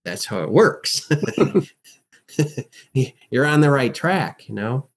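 Guy coaching actors on a podcast, mid pitch, animated and emphatic, lots of questions thrown out. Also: slow. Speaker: guest, acting and life coach. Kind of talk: casual interview talk.

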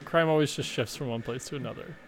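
A man's voice: medium pitch, fast, slight background noise. A man co-hosting a casual chat, tossing in dry quips and laughing along. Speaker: podcast co-host.

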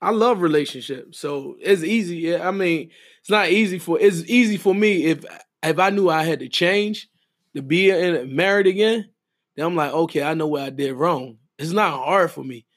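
A man's voice: high voice, moderate pace. A middle-aged man, podcast co-host and wedding officiant, talking in an emphatic, repetitive, preacher-like way in casual chat.

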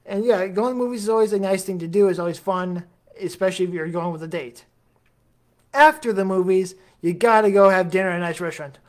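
Hosting a solo podcast episode, a man talks directly to his listeners, chatty, rambling and jokey, with plenty of self-deprecating asides. He has a high voice and speaks fast.

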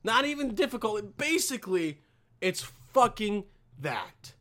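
A young man ranting profanely to camera as a vlogger, with loud bursts and mocking quoted voices. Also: high-pitched, very animated, a little slow. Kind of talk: profane comedic rant.

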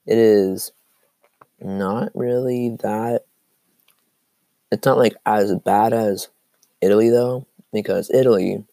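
A teenage boy with a cough hosts his own podcast, his voice cracking now and then. He rambles along with plenty of "like" and "um". His tone is low and mellow, recorded dry and close. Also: steady tone, slow, gravelly, long pauses, no echo. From Seattle area. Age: teens. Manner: rambling, full of "like" and "um". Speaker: podcast host. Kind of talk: casual solo podcast chat.

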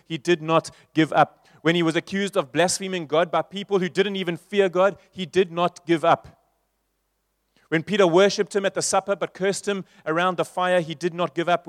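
A man preaching a sermon in a church, moving from loud repeated refrains to soft, slow passages. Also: on the high side, dry recording, studio quality. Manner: rhetorical, building to loud repeated refrains then dropping soft.

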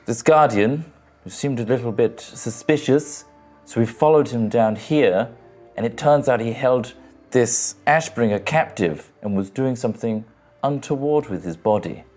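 Calm player speaking in character. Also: medium pitch, a little slow, soft background music. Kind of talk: in-character tabletop play.

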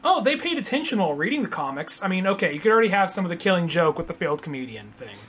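A man hosting a casual podcast chat, rambling and acting out other people's lines in quick impressions. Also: high-pitched, very animated, a bit bright. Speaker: podcast host.

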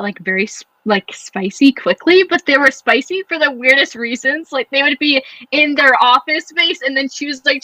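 A woman's voice: on the high side, bright, forceful tone, no echo, rough recording. A woman in a casual book discussion, talking in a rambling, amused way. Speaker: book club member.

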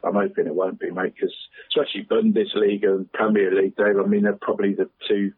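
A man's voice: fairly low pitch, little pitch movement, quick pace, husky, no echo. Chatty man on a tinny phone line. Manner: chatty, says "mate" constantly, chuckles often. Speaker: football pundit on local radio. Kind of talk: casual phone-in chat.

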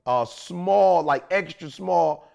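A man co-hosting a podcast, telling animated stories in casual slang. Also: fairly high pitch, slow pace, vocal fry. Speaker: podcast co-host. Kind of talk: casual chat.

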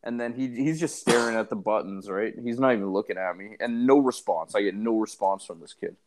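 A man's voice: fairly low pitch, brisk. Male podcast co-host, casual filler-heavy storyteller.

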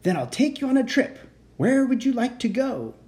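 A reader voicing a gentle, grateful young male dragon in a children's storybook, with a raised, polite and slightly fretful voice. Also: medium pitch, big pitch swings, normal speed, voice pushed up, close to an everyday voice. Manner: eager, polite, a little fretful. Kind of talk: children's storybook read-aloud.

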